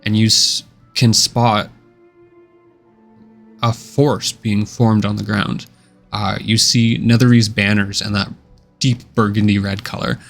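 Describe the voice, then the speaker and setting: Male game master, low gravelly voice, easygoing scene-setter for a tabletop session. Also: slow, pauses often, soft background music. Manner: relaxed, descriptive, many uh and kinda fillers.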